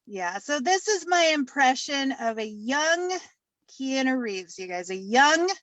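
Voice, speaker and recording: A woman doing a stand-up comedy set, deadpan, with many fillers and repeated punchlines. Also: high-pitched, measured pace, no echo.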